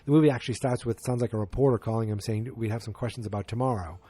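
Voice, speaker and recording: A man's voice: fairly low pitch, rapid-fire, dark tone, husky, no echo. A man hosting a podcast, talking through a movie's plot in a rambling way, often correcting himself and acting out the characters' lines. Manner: rambling, self-correcting, acts out quoted lines. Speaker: podcast host. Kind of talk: casual movie review monologue.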